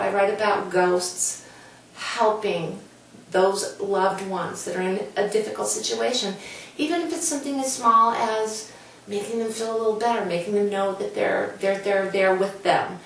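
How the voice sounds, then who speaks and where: A woman's voice: mid-range voice, moderate pace, vocal fry, slight background noise. A woman author telling a personal story in an earnest, heartfelt way, talking casually to the camera. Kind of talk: casual guest talk to camera. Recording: very echoey room, voice from a distance.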